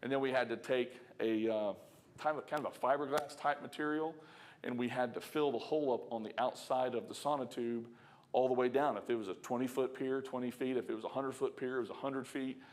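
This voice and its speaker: A man's voice: mid-range voice, fairly even intonation, fairly quick. A man preaching in a church, telling a work story in a casual, chuckling way and talking straight to the congregation. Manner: conversational, chuckling, talks to the congregation. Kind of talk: storytelling sermon. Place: church sanctuary.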